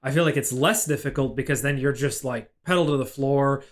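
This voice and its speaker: A man's voice: medium pitch, a little fast. A man co-hosting a podcast in casual chat, easygoing and teasing. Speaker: podcast co-host.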